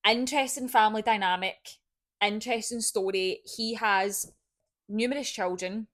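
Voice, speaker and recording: A young Scottish woman co-hosting a podcast, talking in an animated, chatty way and breaking into laughter. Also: mid-range voice, moderate pace. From Scotland. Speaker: podcast co-host. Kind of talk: casual chat.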